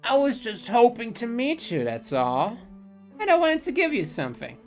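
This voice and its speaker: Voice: mid-range voice, huge pitch swings, normal speed, darkish tone, faint music behind, voice pushed up. A streamer reading out a kindly old wandering mushroom scholar in a game, with a folksy drawl. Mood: fond. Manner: folksy, drawling, rural turns of phrase. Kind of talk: reading a game's dialogue aloud.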